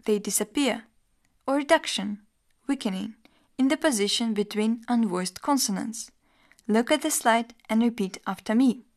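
A woman teacher reading a scripted lesson in an even, measured explanatory tone. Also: a little high. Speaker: language teacher.

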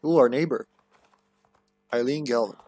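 A man's voice: medium pitch, normal speed, a little mellow, husky, no room sound, faint music behind. A man streaming a game, casually commentating, cracking jokes, swearing, and reading the on-screen text aloud.

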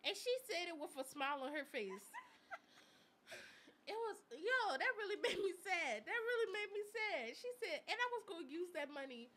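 A woman's voice: very high voice, very animated, moderate pace, bright, forceful tone. A young woman co-hosting a live chat stream, telling stories in a chatty way with slang and frequent laughter. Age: young adult. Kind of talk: casual chat.

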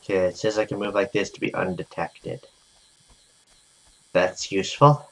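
A young man calmly commenting on his own gameplay, talking to himself with many "okay"s. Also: low-pitched, moderate pace, low-quality recording. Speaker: gaming video host. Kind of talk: let's play commentary.

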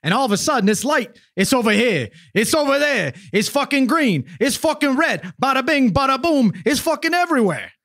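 A man's voice: extremely high pitch, fairly quick, hardly any pauses, dry recording, clean studio sound, voice pushed up, exaggerated voice. A man putting on a brash Jersey wise guy. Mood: excited. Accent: New Jersey. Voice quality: brash, streetwise, swears, rising excited outbursts. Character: tough-talking male New Jersey wise guy witness.

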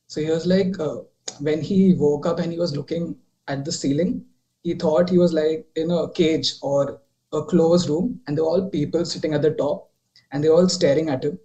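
Young man, mellow, higher voice, rambling storyteller with fillers, on a video call. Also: fairly even intonation, moderate pace, highs cut off. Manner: rambling, many fillers and restarts, drops quieter while retelling. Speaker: caller telling a ghost story.

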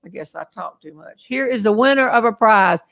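A woman's voice: fairly high pitch, expressive, fairly quick, fairly bright tone. An older woman with a Southern US accent hosting a casual live-stream chat, folksy and chatty, laughing often. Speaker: host.

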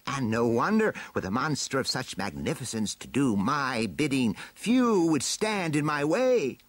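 A man voicing a gloating evil skeletal overlord in a storybook reading, with sly, drawn-out villainous muttering. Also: medium pitch, very animated, no echo, pitched above the performer's own voice.

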